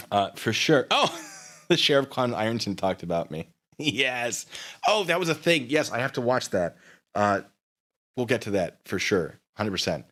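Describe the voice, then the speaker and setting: A man's voice: a little slow, long pauses. A man hosting a livestream, commenting on messages in a mocking, sarcastic way. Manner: lively, swinging pitch. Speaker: livestream host.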